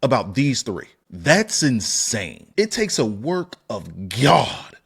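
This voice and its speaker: A man hosting a wrestling opinion channel, ranting in an animated, profane way, firing off rhetorical questions and sudden high-pitched exclamations. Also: slow, gravelly, breathy edge. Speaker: wrestling commentary channel host. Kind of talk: opinionated solo rant.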